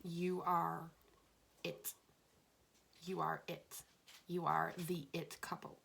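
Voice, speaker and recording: A woman giving a spiritual tarot reading, talking gently and rambling, often emotional. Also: lowish voice, little pitch movement, slow pace, creaky, husky. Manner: gently rambling, emotional, at times tearful and laughing. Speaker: tarot card reader.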